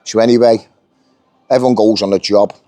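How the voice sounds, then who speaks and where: A man's voice: lowish voice, steady tone, brisk, warm tone. A middle-aged British man telling a workplace story in casual, blunt speech, swearing a lot and acting out the lines of others. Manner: blunt, heavy swearing, acts out quoted dialogue. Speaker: union member telling his story.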